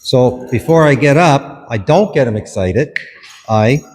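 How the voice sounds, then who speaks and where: A man's voice: medium pitch, lively intonation, unhurried, darkish tone, big-room sound, a little hiss or hum. A man, a dog behaviourist, explains a hands-on dog training demonstration in short instructive steps and commands.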